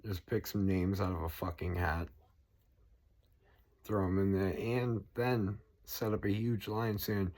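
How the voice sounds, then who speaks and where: Deep-voiced man, forties, angry rambling rant, heavy swearing. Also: fairly even intonation, measured pace, darkish tone. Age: 40s. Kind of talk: ranting monologue.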